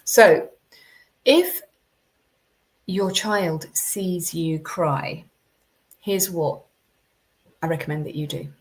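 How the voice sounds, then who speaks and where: Woman, parenting coach on a live stream, low voice, conversational with ums. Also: very slow, pauses often. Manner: conversational, chatty, frequent ums and restarts. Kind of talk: live-streamed advice talk.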